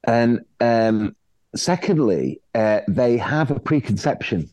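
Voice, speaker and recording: A man's voice: medium pitch, slow pace, no room sound, poor audio. A man, a podcast guest telling stories in a blunt, jokey way. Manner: animated storyteller, blunt and jokey. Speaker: actor guest. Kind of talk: casual podcast chat.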